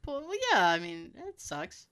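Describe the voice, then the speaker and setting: A woman's voice: on the low side, normal speed, clear, resonant tone. A woman co-hosting a casual chat, swearing freely and laughing as she tells stories. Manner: animated, profane storyteller who laughs often. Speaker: podcast co-host.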